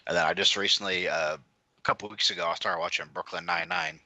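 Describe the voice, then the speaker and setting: Deep-voiced man, halting casual chat. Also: steady tone, sharp tone, no echo. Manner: halting, repeats words. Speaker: podcast co-host.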